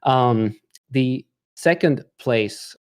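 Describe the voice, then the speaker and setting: A man's voice: mid-range voice, extremely slow, clean tone. A man hosting a live stream, presenting casually with lots of ums and restarts. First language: not English. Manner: rambling, many fillers, laughs easily. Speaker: livestream host.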